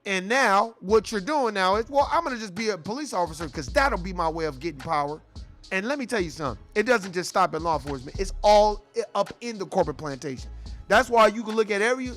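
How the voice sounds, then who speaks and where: A man's voice: high voice, a bit bright. A man hosting a commentary show, ranting in a profane, heated and mocking way. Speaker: show host.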